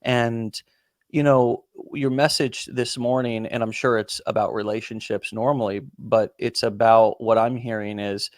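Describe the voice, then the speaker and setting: A man's voice: mid-range voice, steady tone, unhurried, no room sound. Rambling male host, dry close sound. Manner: rambling, many fillers and restarts, casual swearing. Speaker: podcast host. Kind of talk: conversational interview.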